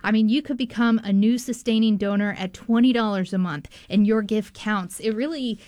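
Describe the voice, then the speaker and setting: A woman's voice: medium pitch, moderate pace, darkish tone, dry recording. A woman hosting a public radio pledge drive, chatty and enthusiastic. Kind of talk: pledge drive on-air appeal.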